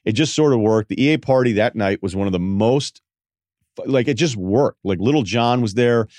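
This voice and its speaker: A man's voice: lowish voice, moderate pace, darkish tone, no room sound. A man hosting a podcast, telling rambling, self-deprecating stories in a casual way. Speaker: podcast host. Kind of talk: casual storytelling monologue.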